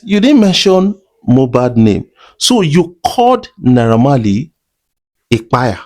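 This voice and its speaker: A man with a Nigerian Pidgin accent giving chatty commentary to his viewers, mixing Pidgin with English. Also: medium pitch. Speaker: entertainment blogger. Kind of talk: commentary vlog.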